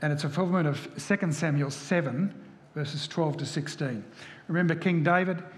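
A man's voice: a little high, moderate pace. A man preaching a sermon, often asking the listeners rhetorical questions. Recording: echoey hall from far off.

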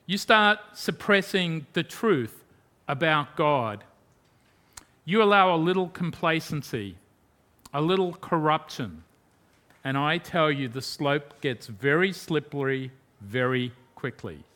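Guy preaching a sermon, kinda high voice, emphatic, lots of rhetorical questions. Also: animated, slow pace. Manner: emphatic, with rhetorical questions and swings from loud to hushed.

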